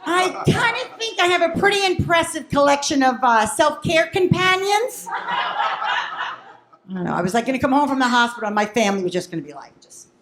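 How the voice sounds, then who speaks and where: Loud potty-mouthed new lady doing stand-up, swoopy high voice, roomy sound. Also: sing-song, moderate pace, very noisy. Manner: brash, profane, acts out family dialogue. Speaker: stand-up comedian. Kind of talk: stand-up comedy set. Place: comedy club. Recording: echoey club room.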